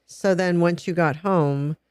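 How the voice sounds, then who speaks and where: A woman's voice: lowish voice, measured pace, a little mellow, clean tone, no room sound, clean studio sound. A middle-aged woman hosting a podcast interview who asks short, curious follow-up questions. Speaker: podcast host. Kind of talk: conversational interview.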